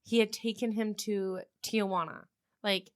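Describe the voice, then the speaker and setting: A woman co-hosting a casual podcast, reacting with quick exclamations and a chatty, valley-girl "like" manner. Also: mid-range voice, steady tone. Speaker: podcast co-host listener.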